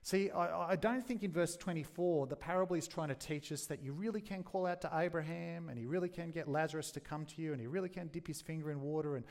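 A man's voice: a little high, darkish tone. A man preaching an expository sermon in an earnest, grave teaching tone. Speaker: pastor.

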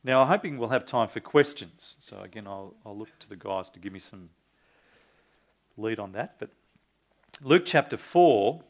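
A man's voice: lowish voice, animated, normal speed, long pauses. A man preaching a sermon in an earnest teaching tone, reading scripture aloud and asking his listeners questions. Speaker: pastor.

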